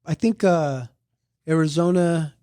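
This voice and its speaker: A man's voice: fairly high pitch, dark tone. A man hosting a casual family podcast, jumping in with questions and jokes. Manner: jokey, quick to jump in with questions. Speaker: podcast host. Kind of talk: casual chat.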